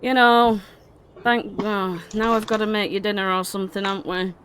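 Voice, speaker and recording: A woman's voice: mid-range voice, level tone, moderate pace, fairly bright tone, a little hiss or hum, natural voice. A woman voicing a standoffish female clan leader who talks in a blunt, sardonic way. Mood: grudging.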